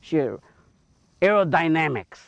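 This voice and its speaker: A man with a Hawaiian Pidgin accent, a taro farmer giving an animated teaching talk outdoors on his farm, pointing things out. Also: fairly high pitch, a little slow, gravelly, smooth, no echo.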